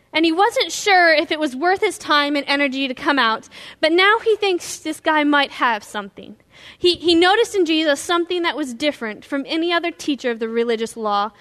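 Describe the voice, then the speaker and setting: A woman pastor preaching a sermon, retelling a story in a lively storytelling way. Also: sits high. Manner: animated storytelling, acting out scenes.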